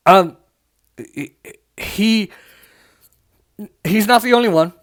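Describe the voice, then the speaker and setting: A man's voice: high-pitched, slow. Sarcastic young man ranting about politics. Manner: sarcastic, mocking, full of filler likes. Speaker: political commentator. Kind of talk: casual political rant.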